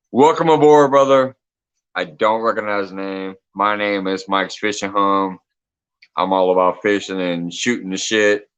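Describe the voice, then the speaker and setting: Low, slow-talking man on a livestream. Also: flat delivery, fairly bright tone, smooth, rough recording. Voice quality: laughs often, reads chat comments aloud. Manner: loose, joking, swears freely. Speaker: livestream host. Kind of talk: casual late-night livestream chat.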